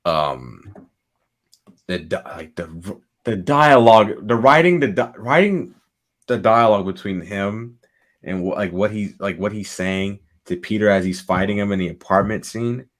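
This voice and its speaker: A man co-hosting a podcast in casual chat, excitable, swearing freely and laughing often. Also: fairly low pitch, measured pace. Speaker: podcast co-host.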